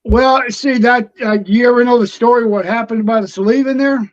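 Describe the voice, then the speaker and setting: A man's voice: very high voice, fairly quick. An older man, a veteran wrestler telling road stories in a casual interview, acting out old conversations. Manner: animated storyteller, acts out old conversations. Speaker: retired pro wrestler, guest. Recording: dull lo-fi stream audio.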